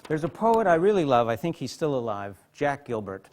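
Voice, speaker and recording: A man giving a lecture as a psychotherapist, speaking with heartfelt feeling and dropping soft and quiet in tender passages. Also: medium pitch, very animated, a little fast. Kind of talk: emotional lecture with literary readings. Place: hospital lecture hall.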